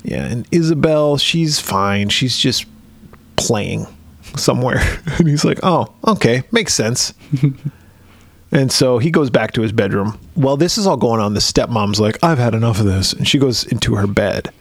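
A man co-hosting a casual podcast, recapping a horror movie in a laid-back way, swearing a lot and dropping into low, gruff voices for the characters. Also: lively intonation, unhurried, no echo. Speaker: podcast co-host.

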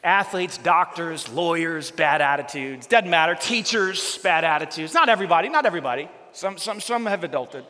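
A man's voice: sits high, expressive, normal speed, hardly any pauses, sharp tone. A man preaching a casual, conversational sermon as a pastor, chatty and often asking the congregation questions. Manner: chatty, asks the audience questions, repeats words as he goes. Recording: long church hall reverb.

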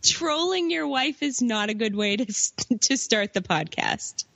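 Slow, teasing woman on a dry, muffled mic. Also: fairly high pitch, animated, vocal fry, a bit bright, no room sound. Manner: unhurried, dryly teasing. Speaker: guest co-host. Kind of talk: casual podcast chat. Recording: dry, slightly muffled audio.

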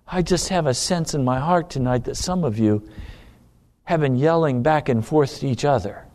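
A man's voice: mid-range voice, normal speed, darkish tone. A man preaching a sermon, dramatic and emphatic, acting out desperate pleas.

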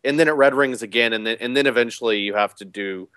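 A man's voice: medium pitch, fast, a bit bright, smooth, no echo. A man co-hosting a podcast in casual chat, telling a rambling story with many restarts. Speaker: podcast co-host. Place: home with a game playing in the background.

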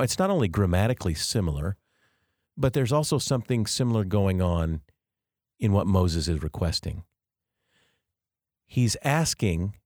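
A man with a very low, deep voice hosts a devotional podcast. He talks earnestly and reflectively and explains ideas step by step. The recording is dry, with no room sound. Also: darkish tone, no room sound. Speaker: podcast host.

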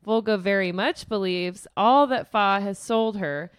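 Animated woman podcast co-host, dry mic. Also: medium pitch, measured pace, clear, resonant tone, dry recording. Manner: animated, swears freely, acts out character lines. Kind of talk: casual book recap chat.

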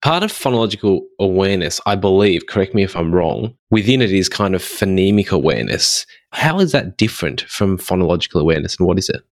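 A man with a Scottish accent hosting an interview, asking questions in a brisk, upbeat way. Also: deep voice, animated, no room sound, clean studio sound. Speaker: podcast host.

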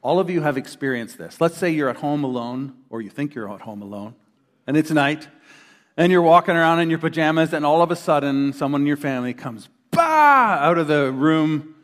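A middle-aged male pastor preaches in a fairly high voice, acting out little quoted voices as he tells his stories. His words ring out with the long reverb of a big church hall. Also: fairly quick. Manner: animated storyteller who acts out quoted voices. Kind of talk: sermon. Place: church hall before a congregation.

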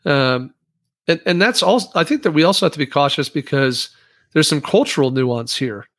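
A man's voice: a little high, moderate pace, fairly bright tone, dry recording. A man hosting a podcast who addresses listeners directly and prompts his co-host with questions.

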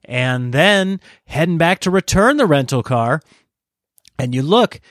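A man hosting a podcast, telling a story in a casual, animated way, ranting in exasperation and laughing at himself. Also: fairly high pitch, dry recording, studio quality. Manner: self-deprecating, laughs at himself. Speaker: podcast host.

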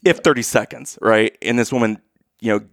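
A man telling a funny story in casual chat, animated and laughing, acting out what people said. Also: fairly low pitch, brisk, no echo, clean studio sound. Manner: animated, laughing, acts out quotes.

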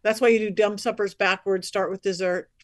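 A woman, a psychic medium guest on a podcast, telling stories in a lively, chatty way and acting out the voices of the people in them. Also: medium pitch, fairly quick, no room sound, studio quality. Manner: lively, acts out quoted voices, chatty asides. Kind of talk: animated storytelling on a podcast.

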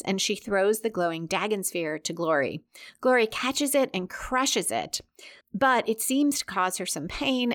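A woman recapping a TV episode scene by scene, reading out timestamps and adding brief asides. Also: mid-range voice. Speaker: podcast host.

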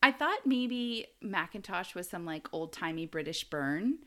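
Giggly bright-voiced woman podcaster. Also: on the low side, animated, a little slow. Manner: giggly, rambling, frequent laughter. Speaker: podcast co-host. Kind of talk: casual true-crime chat.

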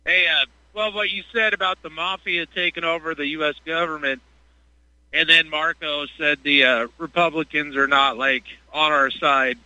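A man's voice: fairly high pitch, fairly even intonation, normal speed, sharp tone, no echo, poor audio. A man from Washington State calling in to a radio talk show, talking loosely and trailing off. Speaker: phone-in caller.

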